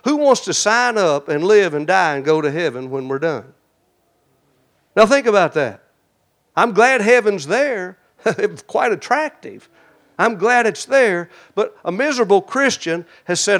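A man with a high-pitched voice preaches a sermon. His delivery swings from loud and emphatic to hushed and intimate. He keeps a folksy, direct tone with the congregation. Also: animated, moderate pace.

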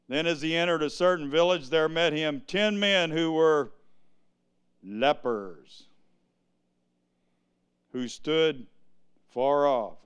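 A male preacher giving an exuberant sermon, breaking into sudden shouts and asking the congregation to answer him. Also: on the high side, clear, resonant tone.

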